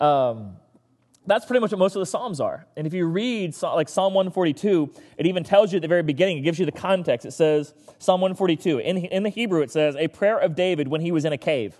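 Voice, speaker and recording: A man's voice: fairly high pitch, animated, quick pace, darkish tone, big-room sound. A male pastor giving a casual, conversational sermon and acting out the voices of the people he talks about.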